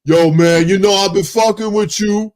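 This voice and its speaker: A man doing a loud, teasing impression of a brash joking friend, heavy on street slang. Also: high voice, fairly even intonation, normal speed, soft background music, voice pushed up, natural voice. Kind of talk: comic impression.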